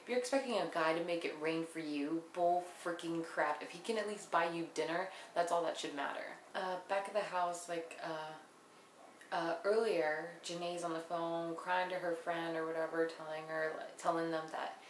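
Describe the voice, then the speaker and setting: A woman's voice: on the low side, fairly even intonation, normal speed. A young woman giving a casual, blunt and sarcastic recap of a reality show episode, swearing freely. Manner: profane, blunt, sarcastic, mimics people she quotes. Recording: roomy with faint background noise.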